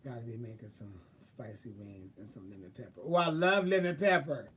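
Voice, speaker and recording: A man in a casual rambling monologue, thinking aloud in a chatty, profane, animated way. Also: medium pitch, a little fast, husky, far from the mic. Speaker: vlogger.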